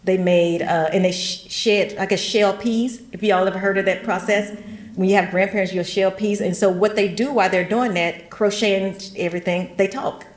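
A woman's voice: medium pitch, fairly even intonation, normal speed. A middle-aged woman from West Tennessee, giving a chatty genealogy workshop talk with folksy asides and frequent laughter. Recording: roomy echo.

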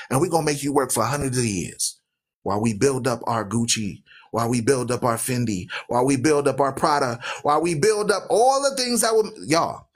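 A man hosting a radio talk show who preaches loudly and emphatically, asking listeners "right?" and driving points home with rhythmic repetition. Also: medium pitch, husky. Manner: asks listeners questions with "right?".

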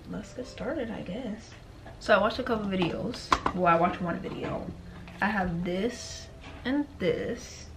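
A young woman talks to her viewers in a relaxed home vlog. Her delivery is chatty and playful, with jokes at her own expense. Soft music sits quietly behind her voice. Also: medium pitch. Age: young adult. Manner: chatty, playful and self-deprecating. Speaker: vlogger. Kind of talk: casual vlog chat. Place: at home indoors.

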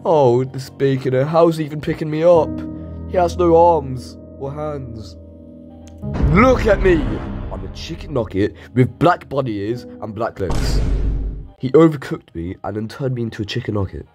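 An excitable man with a bad cold narrates his gameplay, his voice swinging up and down as he yelps and begs in mock panic. Faint music plays softly behind him. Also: mid-range voice, moderate pace. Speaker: gaming channel host. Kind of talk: gameplay commentary. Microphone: playing on mobile.

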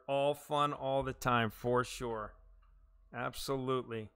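A man streaming live gameplay, talking through each move at an unhurried pace. His voice is bright and forceful. He reacts aloud, curses when a shot goes wrong, mocks himself and answers his viewers. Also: mid-range voice, steady tone, clear, resonant tone. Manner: reacts aloud to his own shots, frustrated and self-mocking, swears, chats to viewers.

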